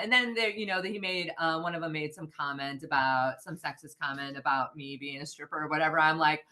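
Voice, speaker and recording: A young woman from the Midwest tells her story over a video call, talking animatedly and swearing as she quotes herself. Her voice sits low but rings bright and forceful. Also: fairly quick, hardly any pauses. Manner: animated, profane, quoting herself loudly. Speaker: podcast guest. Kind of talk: storytelling in casual chat.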